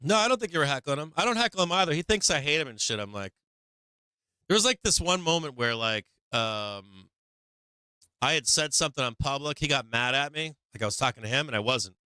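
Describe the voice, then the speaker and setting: A man's voice: fairly high pitch, animated, brisk, pushed and bright, smooth, no room sound. A man hosting a stock market livestream, chatting casually and profanely with his viewers in a rambling way.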